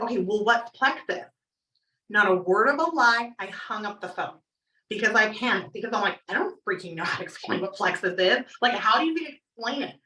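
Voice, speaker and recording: A woman from Canada in her thirties giving an energetic motivational talk, telling stories and acting out quotes. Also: a little high, echoey room, recorded from a distance, rough recording. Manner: energetic, storytelling, acts out quotes. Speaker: motivational speaker.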